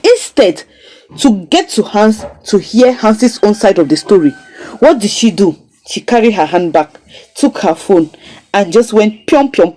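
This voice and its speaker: A woman giving a casual, expressive recap and critique of a drama series episode. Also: on the high side, poor audio. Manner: animated, expressive storytelling. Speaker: series reviewer.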